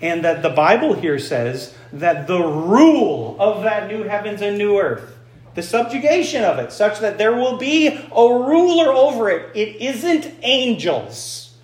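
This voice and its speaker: A man's voice: high voice, sing-song, unhurried. A man preaching a sermon as pastor in a church, engaging and quizzing his congregation with questions. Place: church sanctuary. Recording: echoey room.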